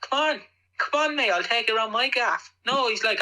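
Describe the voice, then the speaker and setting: A man co-hosting a podcast, ranting crudely and excitably in casual chat. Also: very high-pitched, fairly quick, poor audio. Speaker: podcast co-host.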